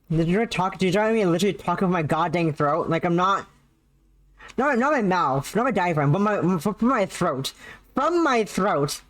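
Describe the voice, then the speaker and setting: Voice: medium pitch, animated, normal speed. A streamer chatting playfully while reading a visual novel aloud, teasing the chat and mocking their own delivery.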